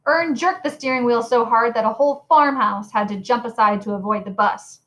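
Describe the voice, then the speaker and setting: A woman reading a novel aloud in an expressive, animated storytelling manner. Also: fairly high pitch, normal speed, low-quality recording. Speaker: reader.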